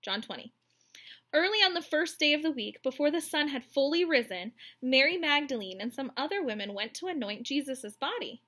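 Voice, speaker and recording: A woman reading a Bible story aloud at bedtime to a child, expressive and tender. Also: high-pitched, fairly quick.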